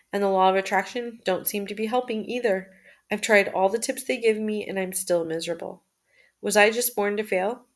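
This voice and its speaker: A woman's mid-range voice carries a first-person reading of her journal. Her pacing is measured and unhurried, with a restart here and there.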